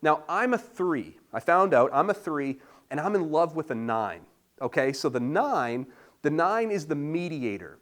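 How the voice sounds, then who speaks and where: A man preaching a sermon as pastor, animated and playful with asides to the congregation. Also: a little high, unhurried. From Canada.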